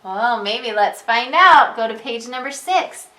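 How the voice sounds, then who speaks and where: A woman leads a preschool reading lesson at an unhurried pace, drawing out each word for young children. Her voice is bright and somewhat high. The room gives it a noticeable echo. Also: expressive. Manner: slow, clear, encouraging teacher talk with questions to children. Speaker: preschool teacher. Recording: echoey room sound.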